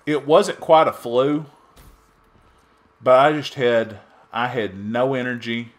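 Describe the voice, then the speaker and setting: Middle-aged Texan man, casual gameplay commentator, rambling and chatty with loud bursts, average pitch. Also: fairly even intonation, slow. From Texas. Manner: chatty and rambling, with sudden loud outbursts and trash talk at opponents. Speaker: gaming YouTuber.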